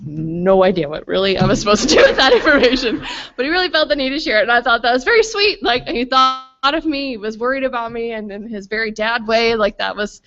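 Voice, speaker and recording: A woman in her thirties talks at a family retreat held in a school hall, her voice a little high, a bit bright, animated, and fairly quick. Her casual faith talk is full of stories, fillers, asides, and self-deprecating humor, captured on a slightly muffled lo-fi recording.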